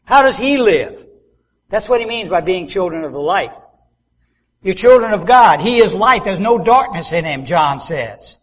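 Male pastor, expressive sermon delivery with acted asides, raspy tone, muffled sound. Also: high voice, moderate pace. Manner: preaching with dramatic rises and quoted voices.

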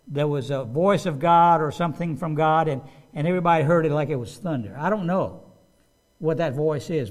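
A man preaching a sermon in an animated way, restarting phrases and raising his voice for quoted commands. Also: high voice. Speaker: pastor.

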